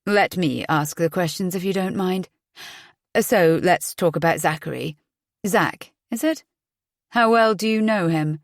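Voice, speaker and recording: A woman voicing a patient, probing male police detective with measured, pointed questions. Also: on the low side, no room sound, studio quality. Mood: pressing.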